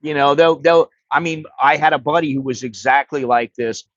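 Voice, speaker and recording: A man's voice: on the high side, fairly even intonation, normal speed, fairly bright tone, no echo. Blunt, profane American man on a livestream. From United States. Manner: blunt and profane, rambling with restarts. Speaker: livestream host. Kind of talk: casual livestream storytelling. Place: home livestream setup. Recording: dry, dull lo-fi stream audio.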